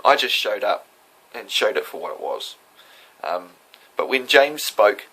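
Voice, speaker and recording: Man, low-pitched, forceful, husky, defiant monologue, lecturing tone. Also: rough recording. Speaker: self-represented defendant recounting a court hearing. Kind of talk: casual spoken monologue.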